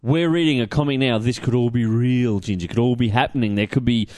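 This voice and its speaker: An Australian man chatting his way through a comic review, blunt and profane, rambling with plenty of ums. His voice sits at an ordinary middle pitch, and the recording is dry and close with no room sound. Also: fast, a little mellow, dry recording. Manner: blunt, swears freely, rambling with many ums. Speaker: comic book podcast host. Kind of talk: casual comic review chat.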